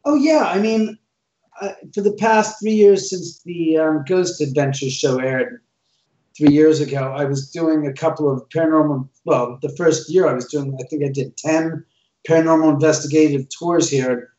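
A man's voice: on the high side, normal speed. A man who owns a reputedly haunted house, telling stories in a casual podcast chat and acting out the lines of the people in them. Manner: animated, acts out quoted dialogue. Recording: roomy, dull sound.

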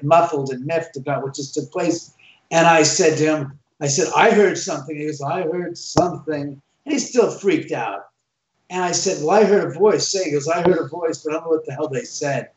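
A man telling an animated first-person ghost story in casual talk, acting out the dialogue as he goes. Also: a little high. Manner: animated, acts out quoted dialogue. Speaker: homeowner telling ghost stories. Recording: roomy, distant, dull sound.

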